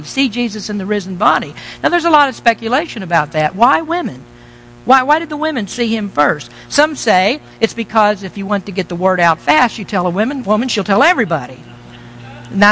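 Male pastor, middle-aged, high bright voice, conversational sermon, faint noise. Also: rough recording. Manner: conversational, asks the congregation questions, teasing asides.

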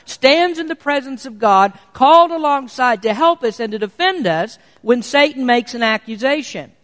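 A man preaching to his congregation, earnest and steady, slowing his delivery to lean on important words. His voice sits notably high for a man. The sound carries a long reverberant tail from a church hall. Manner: earnest preaching, slows for emphasis. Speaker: pastor. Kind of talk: sermon.

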